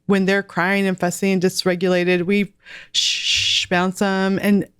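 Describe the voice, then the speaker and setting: A woman's voice: mid-range voice, little pitch movement, a little slow, fairly bright tone, clean tone, dry recording, studio quality. A woman in her forties, a guest author and homeschool mom, chatting earnestly in a podcast interview with light laughs.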